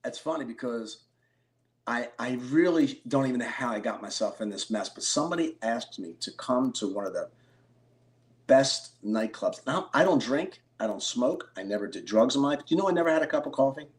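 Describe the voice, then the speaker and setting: A middle-aged man from Philadelphia, a card collector and interview guest, telling stories with excited bursts. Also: medium pitch, normal speed. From Philadelphia, USA. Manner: animated storyteller, excitable bursts. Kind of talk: storytelling interview.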